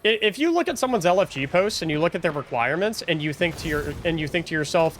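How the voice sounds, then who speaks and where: Animated exasperated man ranting on stream. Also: high-pitched, a little fast, few pauses, slight background noise. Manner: exasperated, animated, repeats and restarts words. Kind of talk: casual livestream rant.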